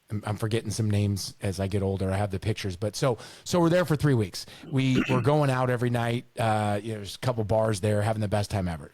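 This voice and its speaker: Middle-aged male podcast co-host, low voice, casual storyteller with a loose mouth. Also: no echo. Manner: animated, repeats words, swears casually.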